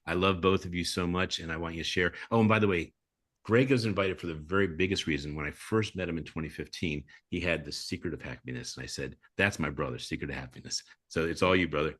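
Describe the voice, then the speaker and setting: A man's voice: sits low, fast, a bit bright. A man hosting a show on a video call, introducing his guests with enthusiasm. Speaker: host. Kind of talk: casual video call chat.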